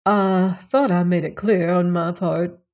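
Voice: medium pitch, fairly even intonation, measured pace, a little mellow, natural voice. A narrator voicing a proud, pompous male real estate agent who speaks in grand, flowery phrases, read as a character in an audiobook.

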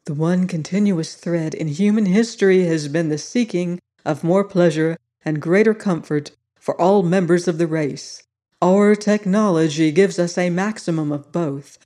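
A narrator voicing an old male sociologist, benign and softly insistent, in an audiobook reading. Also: mid-range voice, measured pace, lightly acted. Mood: calm. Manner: soft and insistent.

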